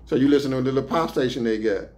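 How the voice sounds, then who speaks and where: A man's voice: mid-range voice, very fast, darkish tone. A man casually telling stories about prison transport and life inside, in loose streetwise slang with plenty of swearing. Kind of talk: casual storytelling.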